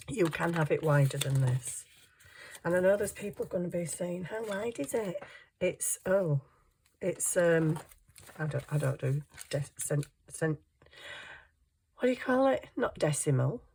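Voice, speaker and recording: Woman, low register, chatty self-mocking craft vlogger thinking aloud at her desk. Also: animated, a little slow, long pauses, a little hiss or hum. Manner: chuckles often while working. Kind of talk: casual crafting chat.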